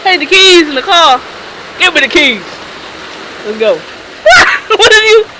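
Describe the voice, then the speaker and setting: A high-voiced, lively young woman films herself in a downpour, laughing and breaking into loud exclamations. Her pitch swoops widely while her words come slowly. Heavy rain roars behind her handheld camera. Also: very noisy. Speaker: vlogger. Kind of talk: casual handheld vlog. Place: outdoors in a rainstorm, later in a car.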